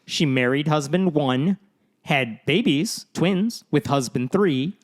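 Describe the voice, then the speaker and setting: A man hosting a podcast, casually retelling news stories with animated, sarcastic asides. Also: on the high side, takes it slowly. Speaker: podcast host.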